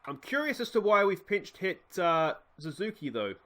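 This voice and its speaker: A man's voice: high voice, big pitch swings, normal speed, fairly bright tone. An Australian man hosting a let's play, giving casual game commentary with chatty, wry asides to the players.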